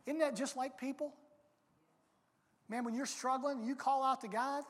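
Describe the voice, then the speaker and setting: A high-pitched preacher delivers an emphatic sermon and at times breaks into loud, dramatic quotes. The voice rings through a large church sanctuary with a long hall reverb. The delivery is earnest and driving. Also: fairly even intonation, normal speed, long pauses.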